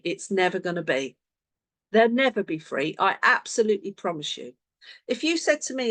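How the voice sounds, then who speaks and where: A woman coaches her sales team over a video call. Her pitch swings widely as she acts out what to say to customers. The sound is close and dry, with no room around it. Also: moderate pace, no echo. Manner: animated, acts out sample conversations. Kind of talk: online team coaching session.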